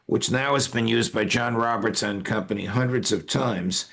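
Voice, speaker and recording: Gravelly older male legal commentator. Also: on the low side, a bit bright. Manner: measured, with frequent "uh" pauses. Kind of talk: interview conversation.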